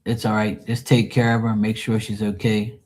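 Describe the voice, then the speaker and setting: A man's voice: lowish voice, monotone, moderate pace, a little mellow. A man hosting a live tarot stream, chatting casually with viewers in a blunt, profane, rambling way. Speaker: tarot reader and livestream host. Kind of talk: casual livestream chat with viewers.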